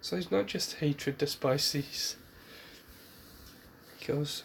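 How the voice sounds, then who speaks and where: A man's voice: on the high side, slow, gravelly, a little hiss or hum. A man casually retelling a fan-made story, rambling with restarts and asides.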